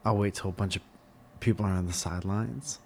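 A man's voice: fairly low pitch, fairly quick, darkish tone, slight background noise. A man co-hosting a comedy podcast, rambling and amused by his own bits in casual banter. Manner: rambling, self-amused storyteller.

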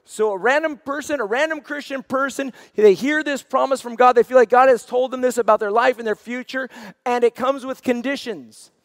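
A man's voice: very high-pitched, a little fast, dry recording, studio quality, in a large hall. A man preaching a sermon as senior pastor, earnest and repeating phrases for emphasis.

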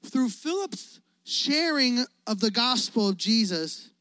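A man preaching a casual, energetic youth sermon, telling stories and asking his listeners questions. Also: very high voice, slow pace, no echo. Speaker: youth pastor.

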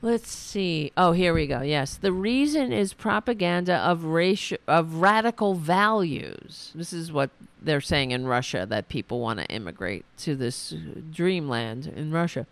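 A woman hosting a political podcast, delivering an indignant, scolding rant while her voice is going hoarse. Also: sits low, expressive, unhurried, hardly any pauses. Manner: indignant, scolding, swears, talks to her dog aside. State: losing her voice. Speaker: podcast host. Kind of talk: ranting political commentary.

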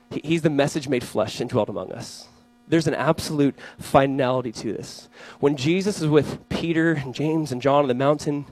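A young man, a pastor, preaching a sermon to his congregation, telling animated stories and acting out voices in his anecdotes. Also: a little high, low-quality recording.

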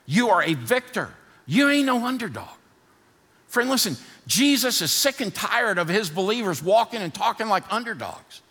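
A male pastor preaching a sermon in a church, building to fired-up shouting and easing into a softer prayer. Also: high-pitched, sing-song, moderate pace, big-room sound. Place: church sanctuary.

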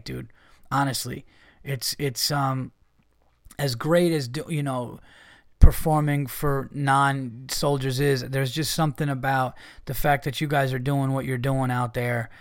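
Male podcast host, loose rambling profane talk full of "um" and "you know", mid pitch, dry sound. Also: clear, resonant tone, no echo. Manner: rambling, profane, frequent fillers and restarts. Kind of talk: casual podcast monologue.

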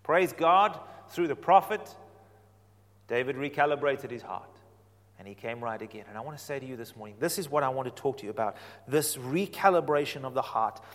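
Animated male preacher in a reverberant hall. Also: medium pitch, brisk. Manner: animated, swings from quiet to emphatic. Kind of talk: sermon.

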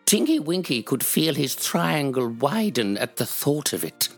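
A performer doing an impression of an elderly grand dame, reading her own fiction slowly and primly. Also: mid-range voice, big pitch swings, soft background music.

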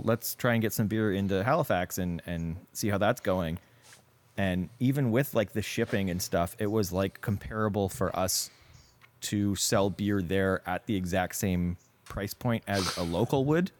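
A Canadian man appearing as a guest on a podcast, chatting casually about his work at a brewery. His voice is low, and his manner stays relaxed, with his sentences often fading down quietly as he finishes. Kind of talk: casual chat.

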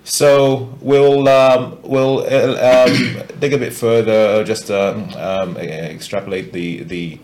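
Deep, slow-talking man hosting a podcast. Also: steady tone, a little mellow, slight background noise. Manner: halting, many fillers and restarts. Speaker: podcast host. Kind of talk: casual podcast chat.

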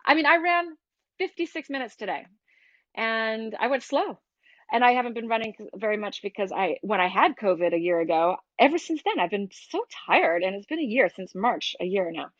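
Middle-aged woman, breathwork teacher, candid and animated, dull dry recording. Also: a little high, moderate pace, no room sound. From United States. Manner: candid, animated, laughs easily, many restarts. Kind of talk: casual interview talk.

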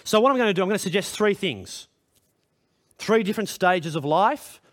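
With lively intonation, a moderate pace, and a somewhat bright tone, a man preaches as pastor to a congregation in a church hall. He's earnest and direct, posing questions to listeners, pitch rising when emphatic.

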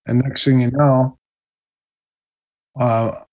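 A man telling stories in a casual interview, animated and acting out the other people's voices. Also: mid-range voice, extremely slow, highs cut off. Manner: animated, acts out quoted voices. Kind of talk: casual storytelling.

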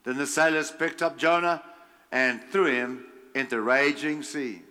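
A man's voice: medium pitch, pushed and bright. A man preaching a sermon, reading scripture aloud and adding his own emphatic remarks with frequent chuckles. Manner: slow, emphatic delivery with chuckles.

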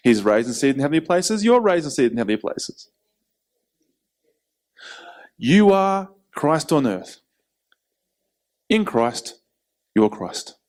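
A man preaching a sermon in an animated way, acting out quoted voices. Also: fairly high pitch, slow, long pauses. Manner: animated, acts out quotes, laughs between points.

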